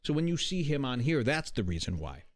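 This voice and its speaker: A man hosting a podcast, talking in an animated, exasperated, profane rant. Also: mid-range voice, a little fast. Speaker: podcast host. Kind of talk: casual ranting commentary.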